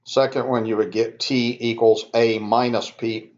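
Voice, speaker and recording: A man teaching a math lesson, talking students through each step in a relaxed, conversational way and correcting himself as he goes. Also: medium pitch, measured pace, muffled recording. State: yawning, sleepy. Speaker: math instructor. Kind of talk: recorded math lecture.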